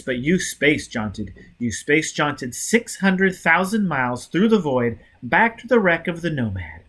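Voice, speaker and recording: A man's voice: mid-range voice, slightly rough. A man doing a savage, cold-blooded agent. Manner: harsh, forceful, threatening.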